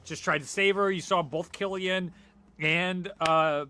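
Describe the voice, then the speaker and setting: A young man acting as game master, narrating a tabletop game with lively, animated energy and casual swearing. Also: high-pitched, unhurried.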